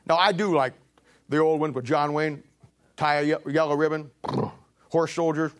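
High-voiced pastor in his seventies. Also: fairly even intonation, moderate pace. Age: 70s. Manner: folksy, emphatic storytelling with voiced quotes. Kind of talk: sermon. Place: church sanctuary.

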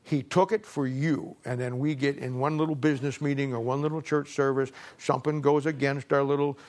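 A man's voice: mid-range voice, fairly even intonation, brisk, darkish tone. A male preacher telling a folksy story in his sermon, often repeating words as he goes.

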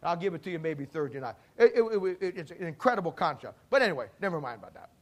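Male pastor, high-pitched, folksy storyteller delivering a sermon. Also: sing-song, fast. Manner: folksy storytelling preacher, acts out dialogue.

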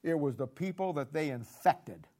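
A man preaching a sermon as pastor, emphatic and sarcastic, rising to loud outbursts. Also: fairly high pitch, lively intonation, moderate pace.

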